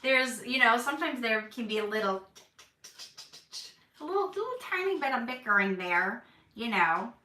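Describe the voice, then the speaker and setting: Woman, thirties, live-stream host, chatty and jokey, bright voice in a roomy room, mic a bit far off. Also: on the high side, big pitch swings, normal speed, pauses often, faint music behind. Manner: chatty, reads out viewer comments, jokey.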